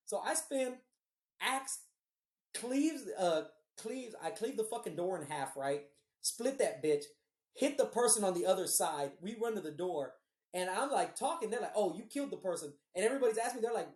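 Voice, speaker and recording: A woman's voice: medium pitch, brisk, roomy sound. A woman co-hosting a podcast, telling a story in casual chat, swearing freely and acting out what others said. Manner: animated, swears freely, acts out quoted dialogue. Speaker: podcast co-host.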